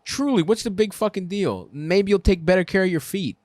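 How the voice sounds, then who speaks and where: A man's voice: high voice, fairly quick, darkish tone, no echo. A man hosting a comedy advice show, ranting crudely and laughing at his own jokes on a close mic.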